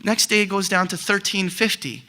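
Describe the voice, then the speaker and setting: A middle-aged man teaching options trading, telling animated stories with many fillers and restarts. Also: high-pitched, normal speed. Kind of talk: lecture with acted examples.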